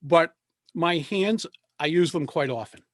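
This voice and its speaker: Man, speaking coach, measured delivery with pauses, slightly high voice, dry video-call sound. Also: no room sound. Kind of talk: presentation coaching talk.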